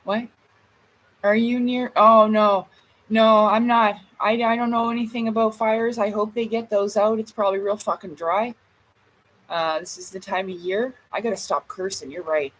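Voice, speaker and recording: Smoking by a door at home, this Canadian livestream vlogger in her thirties tells a funny story in a casual chat, laughing and stopping herself mid-swear. She speaks at normal speed with a medium pitch and fairly even intonation, on a rough recording.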